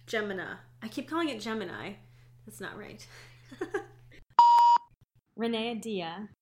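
A woman's voice: medium pitch, lively intonation, measured pace. A woman co-hosting a podcast over a remote call, chatty and laughing often in casual talk. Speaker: podcast co-host. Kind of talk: casual chat.

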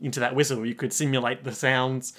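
Aussie guy, deadpan and dry, casual podcast chat, middle pitch. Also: brisk. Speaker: podcast co-host. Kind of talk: casual chat recapping an anime.

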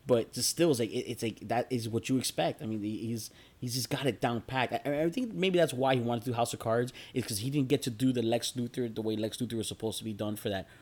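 A man's voice: medium pitch, fast talker, few pauses, a little mellow. A man co-hosting a casual chat, talking enthusiastically and rambling with restarts.

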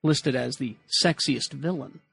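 A man's voice: mid-range voice, unhurried, gravelly, fairly bright tone. A man hosting a casual comedy podcast, leading the segments and wryly reading items aloud. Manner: wry, leads the segments and reads items aloud. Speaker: podcast host.

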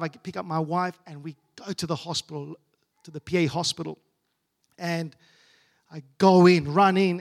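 A man preaching a personal testimony in a fairly high voice. He swings from hushed, soft passages to loud, declaiming runs. It sounds like a sermon told from the pulpit. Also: vocal fry. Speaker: pastor.

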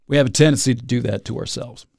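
Man, podcast host, rambling monologue, self-mocking, gravelly. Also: mid-range voice, quick pace, a little mellow, dry recording, studio quality.

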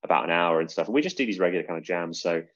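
A British man talks fast and rambles cheerfully, laughing at his own examples. His voice is a little husky and lowish. The recording sounds dull and lo-fi. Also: fairly bright tone. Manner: rambling, self-mocking, quick. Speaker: podcast host. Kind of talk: casual chat about magic.

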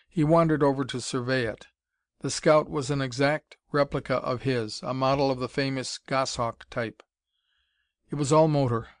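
A male narrator reading an adventure story at a steady, even pace. His voice sits in a middle pitch, recorded close and dry. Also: clear, resonant tone, no echo. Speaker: audiobook narrator. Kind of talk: scripted narration.

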